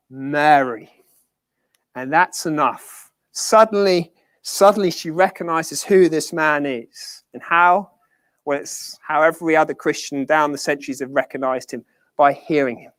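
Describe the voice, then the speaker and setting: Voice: medium pitch, fairly bright tone, dry recording. A preacher giving a conversational sermon, earnest and emphatic, often repeating key phrases.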